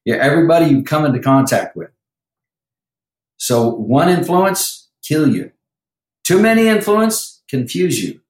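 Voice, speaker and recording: A man's voice: a little high, sing-song, measured pace, long pauses, roomy sound, rough recording. A man who works as a vocal coach, talking animatedly in a podcast interview and breaking into sung lines now and then.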